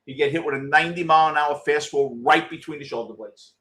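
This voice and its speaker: Hosting a postgame show, this middle-aged man speaks fast in a fairly high voice. He reacts to the live game with blunt excitement, swearing liberally while talking casually to his viewers.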